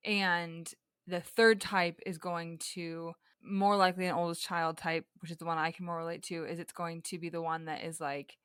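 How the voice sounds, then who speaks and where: Earnest young woman, low and dry. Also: sharp tone, clean tone, dry recording. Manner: earnest, reflective, frequent fillers and restarts. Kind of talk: casual heartfelt conversation.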